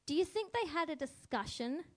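Her voice high and her pace moderate, a female speaker muses through a devotional reflection. She addresses questions to the listener and animates her voice for quoted lines.

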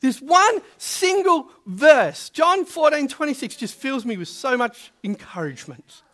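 High-voiced, bright male preacher. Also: sing-song, measured pace. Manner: emphatic, repeats key words. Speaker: pastor. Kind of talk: sermon with opening prayer.

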